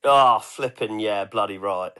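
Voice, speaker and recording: A man's voice: lowish voice, unhurried, fairly bright tone. A man joining a podcast as a guest, enthusiastic and cheeky. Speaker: guest on the show. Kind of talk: casual podcast chat.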